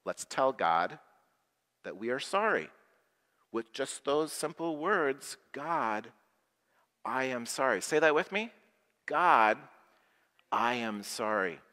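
Plain-spoken pastor in an echoing hall. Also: male voice, medium pitch, big pitch swings, pushed and bright. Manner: slow, plain, leading call-and-response prayers. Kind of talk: simple sermon for people with special needs. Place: worship hall. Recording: long hall reverb.

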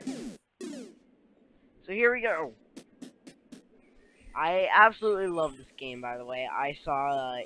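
On a cheap new mic, a young let's play gamer gives loose commentary on his game, giggling, rambling, and addressing the characters. His voice sits on the high side, bright and forceful.

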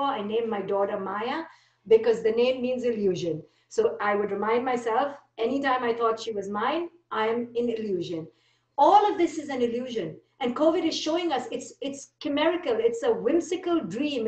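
A woman with a rather high voice delivers an emphatic spiritual talk, hammering her points home in short, repeated statements. Her voice rings in an echoey room and sounds a little distant from the mic. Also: highs cut off. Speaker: speaker. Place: speaking virtually.

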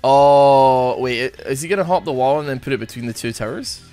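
A man's voice: medium pitch, a little fast, mellow, faint music behind. A young man giving casual, jokey gameplay commentary, rambling and poking fun at himself. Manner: rambling, jokey, self-mocking. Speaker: gaming streamer.

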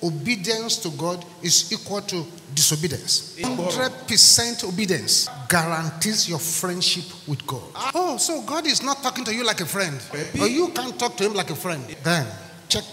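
A man's voice: high voice, very animated, unhurried, a crowd in the background. A man preaching a sermon as pastor, acting out dialogue and breaking into song. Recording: echoey hall with music behind.

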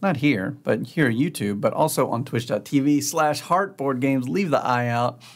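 A man's voice: mid-range voice, normal speed. A man hosting a board game channel, giving casual, upbeat unboxing commentary and thinking aloud as he goes.

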